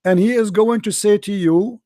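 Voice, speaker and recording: Man, high voice, dry close sound, combative debater, mocking, repeats phrases. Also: moderate pace, warm tone, dry recording. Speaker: debate host. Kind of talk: heated religious debate.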